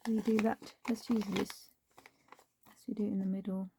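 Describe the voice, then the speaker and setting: A woman's voice: mid-range voice, flat delivery, normal speed, background noise. A woman chatting to herself as she crafts, often dropping into a whisper. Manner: chatty, talks to herself while working, drops into whispers. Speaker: crafting vlogger. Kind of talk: casual crafting commentary.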